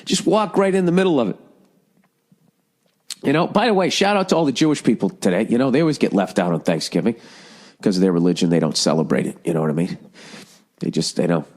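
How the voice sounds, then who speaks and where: A man's voice: animated, quick pace, long pauses, a little mellow. A middle-aged man hosting a podcast, rambling casually with lots of swearing and sarcastic rants. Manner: profane, ranting, sarcastic, jumps into high mocking voices. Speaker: podcast host.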